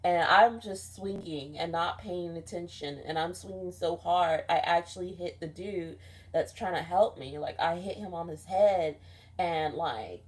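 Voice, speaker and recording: With a lowish, darkish voice, a young woman vlogs about a dream she had, telling it in a loose, rambling way packed with swearing and constant "like"s.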